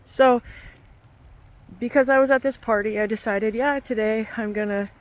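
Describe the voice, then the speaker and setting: A woman's voice: a little high, steady tone, moderate pace. A woman, a fitness instructor and aerialist, talking earnestly into her handheld phone outdoors, shivering in the cold, with many fillers and restarts. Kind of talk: casual testimonial vlog.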